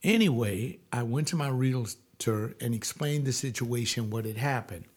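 A male pastor telling a personal testimony like a sermon, emphatic and drawing out key words slowly. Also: medium pitch, darkish tone, husky.

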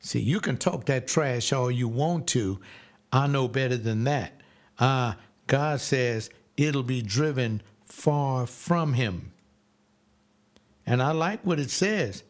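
A man's voice: medium pitch, slow pace. Give me an emphatic man in his seventies preaching, repeating lines for emphasis. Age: 70s. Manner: emphatic, repetitive, animated with voices. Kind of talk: sermon.

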